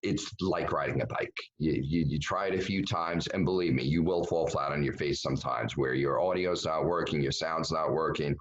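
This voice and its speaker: A man's voice: very deep voice, moderate pace, few pauses, highs cut off. Blunt chatty man on a video call. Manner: chatty, blunt, many fillers and restarts. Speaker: presenter. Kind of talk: webinar presentation.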